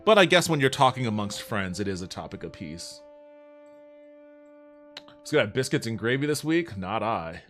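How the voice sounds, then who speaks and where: A man casually chatting with his viewers on a livestream, relaxed and profane, reading chat aloud and answering it. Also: lowish voice, moderate pace, long pauses, soft background music.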